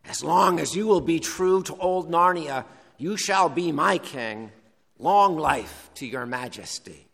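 A man's voice: on the high side, expressive, takes it slowly, creaky, fairly bright tone, in a large hall, exaggerated voice. A man voicing a loyal, steadfast talking badger with earnest, emphatic delivery. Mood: devoted.

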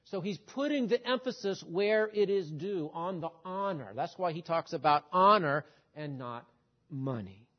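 A man with a high voice preaches an expository sermon at an unhurried pace. He teaches steadily and poses rhetorical questions. The recording sounds dull and lo-fi. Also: lively intonation.

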